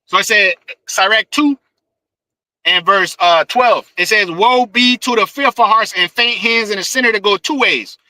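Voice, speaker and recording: A man's voice: high voice, moderate pace, sharp tone, no echo, poor audio. A man preaching scripture in a fiery, profane style, with emphatic repetition and "man" tagged on nearly every line. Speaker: street preacher.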